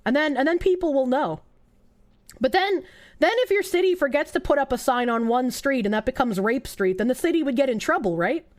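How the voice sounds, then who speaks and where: A woman's voice: high-pitched, animated, brisk. A woman streaming live, reacting in a sarcastic, incredulous and profane way with frequent laughs. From United States. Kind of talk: casual livestream reaction.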